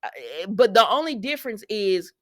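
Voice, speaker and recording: A woman in a casual, animated recap of a soap opera, acting out the characters' lines and laughing often. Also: mid-range voice, normal speed, no room sound, studio quality. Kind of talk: casual recap retelling scenes.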